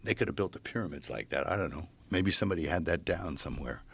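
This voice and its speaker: Deep-voiced man, gravelly, husky, lively storyteller, casual chat. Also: quick pace, no room sound. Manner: animated storyteller who acts out voices.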